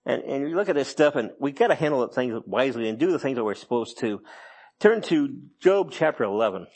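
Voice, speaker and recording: Husky rambling folksy male preacher. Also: medium pitch, animated, brisk, a little mellow. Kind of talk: sermon.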